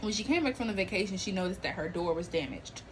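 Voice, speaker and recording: A woman's voice: mid-range voice, fast talker, a little hiss or hum, rough recording. A woman hosting a podcast, chatting casually and animatedly, full of slang and laughter, acting out what people said. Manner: animated, slangy, laughs often, acts out quotes. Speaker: podcast host. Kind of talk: casual chat about celebrity and viral news.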